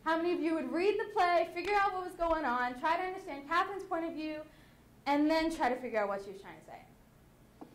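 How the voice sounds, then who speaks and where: A teenage girl giving a lively, chatty talk to a student audience at a youth conference. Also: high voice, brisk, slight background noise. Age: late teens. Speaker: student speaker. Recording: echoey hall.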